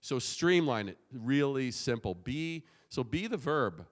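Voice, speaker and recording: A man's voice: medium pitch, big pitch swings, measured pace. A man giving a conference keynote, punchy and emphatic, with casual swearing. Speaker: keynote speaker. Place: conference hall. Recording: long hall reverb.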